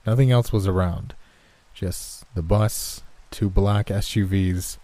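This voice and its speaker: A man narrating a first-person horror story in a measured, even storytelling manner. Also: sits low, dry recording.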